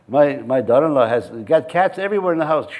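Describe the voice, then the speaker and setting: A male pastor preaches a sermon to his church congregation, blending scripture readings with joking, chuckling asides. His voice is fairly high and a little mellow.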